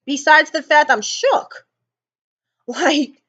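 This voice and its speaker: A woman's voice: high voice, drawn-out words, fairly bright tone, highs cut off. A woman vlogger rambling emotionally about a film she just saw, repeating herself often. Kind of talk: casual movie reaction ramble.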